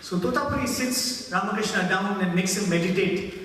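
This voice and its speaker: A man giving a devotional talk, telling stories in an animated, reverent way, recorded in a large hall from far off. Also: sits high, normal speed, slight background noise. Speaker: spiritual speaker. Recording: echoey hall heard from far off.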